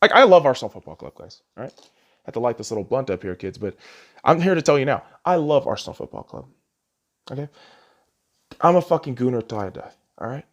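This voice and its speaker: Man, podcast host, profane football rant, sarcastic, lively swooping pitch, rambling restarts. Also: quick pace, pauses often, highs cut off. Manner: swears constantly, sarcastic, laughs at his own jabs; rambling with restarts, gets loud when ranting.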